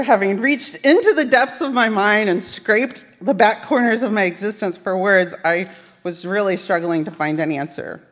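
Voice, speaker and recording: A woman giving a sermon built around a personal story, wry and self-mocking as she tells it. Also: medium pitch. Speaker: speaker at a Unitarian Universalist service. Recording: long reverb of a large hall.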